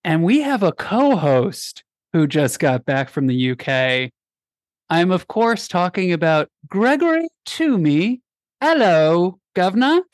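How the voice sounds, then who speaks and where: A man's voice: on the high side, big pitch swings, slow, no room sound, clean studio sound. A man hosting a casual sports podcast, rambling and self-deprecating with lots of restarts. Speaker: podcast host.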